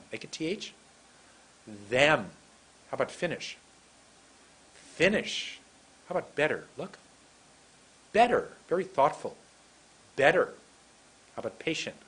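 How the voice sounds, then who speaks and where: A man teaching English pronunciation in a recorded lesson, speaking slowly and deliberately and drilling single words aloud for the learner to repeat. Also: mid-range voice, slightly rough, poor audio.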